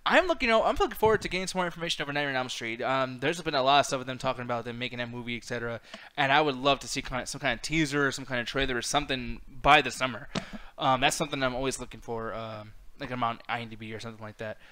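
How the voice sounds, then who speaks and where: A male co-host rambling quickly through a casual late-night chat. His voice is bright and edgy, with loose swearing, filler, and viewer questions read aloud. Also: medium pitch. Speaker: podcast co-host.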